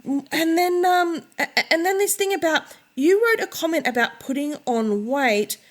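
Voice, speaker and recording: A woman's voice: extremely high pitch, animated, moderate pace. A woman co-hosting a podcast, ranting in casual chat, swearing freely and often restarting her sentences. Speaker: podcast co-host.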